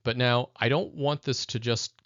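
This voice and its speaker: A man's voice: medium pitch, steady tone, moderate pace, fairly bright tone, no room sound. A man teaching in a conversational video lesson, speaking thoughtfully and addressing viewers directly. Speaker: educator. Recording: dull lo-fi dry recording.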